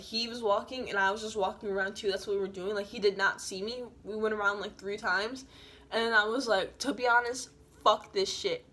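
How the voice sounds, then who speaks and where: A woman's voice: medium pitch, fairly bright tone. A woman vlogger telling a story in a casual, slangy way, swearing freely.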